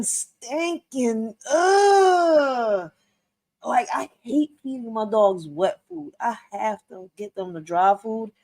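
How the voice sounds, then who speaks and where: A woman's voice: on the high side, darkish tone. A woman hosting a reaction video, chatting in a slangy, casual way straight to her viewers.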